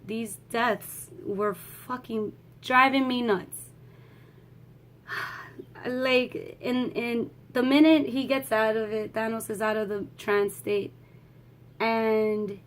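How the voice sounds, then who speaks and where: A woman giving a casual, emotional movie review vlog, swearing freely and laughing as she talks. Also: fairly high pitch.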